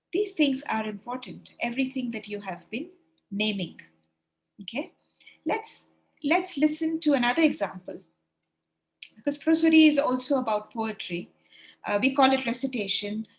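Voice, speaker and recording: A woman's voice: sits high, big pitch swings, normal speed, pauses often. A woman leading an online training webinar for teachers over a video call, encouraging and demonstrating read-alouds.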